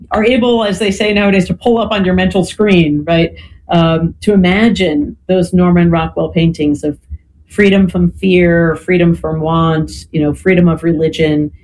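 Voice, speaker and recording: A podcast guest from the United States explaining history in a measured, lecturing way, often checking in with "right?" and "you know". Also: medium pitch, darkish tone, a little hiss or hum, low-quality recording.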